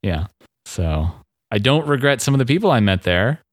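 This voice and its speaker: A man co-hosting a podcast in casual chat, wry and quick to laugh. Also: medium pitch, big pitch swings, no echo, studio quality. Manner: chatty, laughs often, wry asides. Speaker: podcast co-host.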